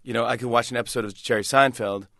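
A man in his forties with a bright, forceful voice tells a story in a casual interview. He is animated and keeps slipping into quick impressions of other people. The sound is dry and close. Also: medium pitch, gravelly, dry recording. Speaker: talk show host and impressionist.

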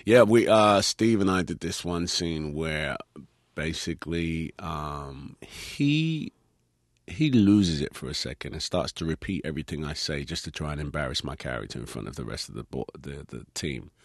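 British man with a very low voice, easygoing interview guest who laughs often and drifts through "um"s as he tells stories. The sound is dry and close, with no room around it. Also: moderate pace, no room sound. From Britain. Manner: laughs easily, relaxed storytelling with many fillers. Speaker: actor guest. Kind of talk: casual interview chat.

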